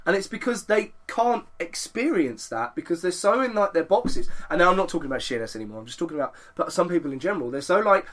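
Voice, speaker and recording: A man's voice: high-pitched, fast, few pauses. Sweary, rambling young man. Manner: rambling, sweary, animated storytelling. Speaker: podcast co-host. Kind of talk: casual podcast chat.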